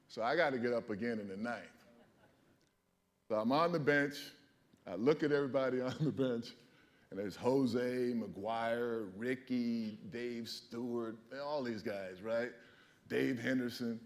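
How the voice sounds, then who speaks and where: A man's voice: mid-range voice, a little slow. A man in his fifties, a former ballplayer, telling stories at a library event, acting out his reactions and laughing as he talks. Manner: animated storyteller, laughs often, acts out his own reactions. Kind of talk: storytelling talk at a library event. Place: public library event hall.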